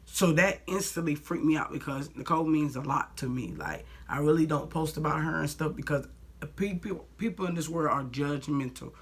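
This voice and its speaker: A woman's voice: low voice, normal speed, breathy edge. A young woman vlogger telling a personal story in a blunt, heated way, full of "like" and swearing. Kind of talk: storytime vlog.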